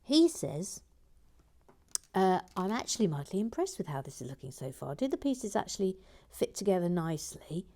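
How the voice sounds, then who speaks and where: A woman hosting a live building stream, chatting casually in a soft, often half-whispered voice as she reads out viewer comments. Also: mid-range voice, big pitch swings, moderate pace.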